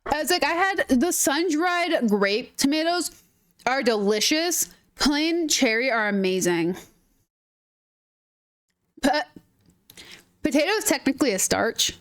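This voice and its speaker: A young woman from northern Minnesota talks in a high, bright voice with a soft Minnesotan lilt. She chats freely while streaming a game, bubbly and giggly, hopping from thought to thought. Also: lively intonation, takes it slowly, pauses often. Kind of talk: casual gaming stream chat.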